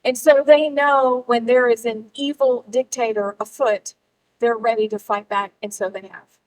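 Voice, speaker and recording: A middle-aged woman addresses a gathered audience in a rallying public speech. Her voice sits a little high, and she leans hard on key words with dramatic pauses between them. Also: steady tone, darkish tone, low-quality recording. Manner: emphatic, rallying, with pauses for effect. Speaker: speaker at a political gathering.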